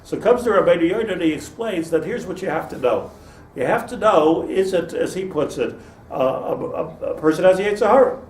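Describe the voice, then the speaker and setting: A man's voice: on the high side, animated, moderate pace. A man, a rabbi, giving an informal Torah lecture to a class, digressing, restarting sentences and laughing at his own jokes. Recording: roomy, distant mic with faint noise.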